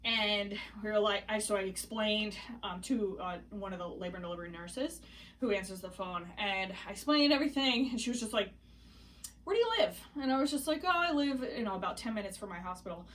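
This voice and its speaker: A young pregnant woman telling a story in a casual vlog, chatty and animated, laughing often and hiccuping now and then. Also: medium pitch, brisk, far from the mic. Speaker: vlogger.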